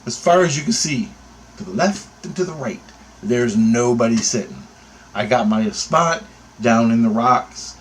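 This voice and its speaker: A man's voice: medium pitch, expressive, a little slow, a little hiss or hum, poor audio. Profane, heated man ranting. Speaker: bird photographer. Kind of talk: angry ranting anecdote.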